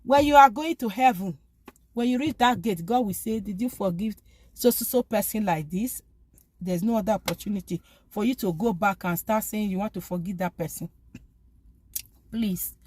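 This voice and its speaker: A woman, a faith vlogger, gives an informal talk pleading for forgiveness, speaking emphatically and often repeating phrases. Her voice is medium-pitched and a little mellow, and she lives abroad, away from her original home.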